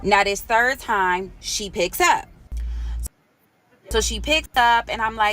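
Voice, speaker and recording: A woman's voice: fairly high pitch, slow pace, pauses often. A pregnant woman telling a personal story in a casual, blunt, profane way, acting out what others said. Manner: blunt, profane, animated retelling with voiced quotes. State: eight months pregnant.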